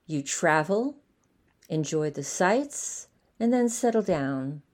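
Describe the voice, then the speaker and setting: Woman doing a soft-spoken gentle alien. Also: deep voice, animated, slow.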